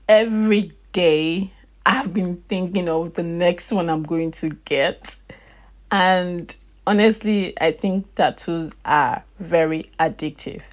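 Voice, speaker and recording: Laughing woman telling a story, lo-fi. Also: on the low side. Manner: chatty, laughs often, animated retelling of dialogue. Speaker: podcast host. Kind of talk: casual storytelling monologue.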